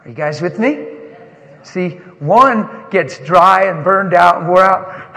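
A pastor giving an animated, emotional sermon that he breaks off to greet friends, recorded in a church sanctuary with a long reverb. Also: high-pitched, slow pace, vocal fry. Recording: long reverb of a large hall.

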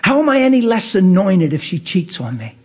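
A man preaching a passionate sermon as pastor of his church, swinging from quiet to loud. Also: sing-song, brisk. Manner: impassioned preaching with big pitch swings.

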